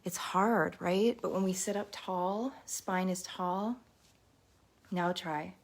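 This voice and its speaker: A woman leading a live guided meditation and mindfulness talk, gentle and encouraging, speaking straight to her viewers. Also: lowish voice, fairly even intonation, takes it slowly.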